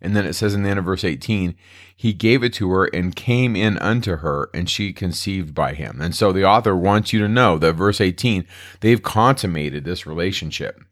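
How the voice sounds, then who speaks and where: A deep-voiced man teaches a Bible lesson in a relaxed, conversational way. He retells the old text in everyday modern phrasing, as if talking to a class. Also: normal speed. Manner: conversational, retells scripture in plain modern words. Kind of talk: casual Bible study lecture.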